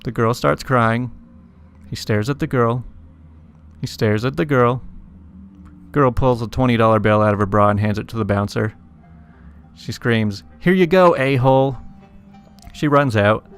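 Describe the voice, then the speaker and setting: A man's voice: mid-range voice, fairly even intonation, normal speed, long pauses, a bit bright. Man reading internet stories with wry asides. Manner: chuckles between stories, adds wry asides. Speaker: story reader. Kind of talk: casual narration of internet stories. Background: faint music.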